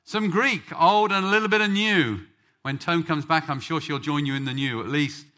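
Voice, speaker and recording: A man's voice: a little high, normal speed, pushed and bright. A man from England preaching a sermon, joking with the congregation before telling a story. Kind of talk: sermon with audience banter.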